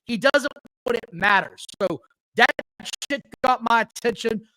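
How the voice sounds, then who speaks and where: He speaks at a normal speed in a very high-pitched voice, and the low-quality recording carries slight background noise. The man co-hosts a casual wrestling show, swearing freely and bluntly as he energetically tells match stories.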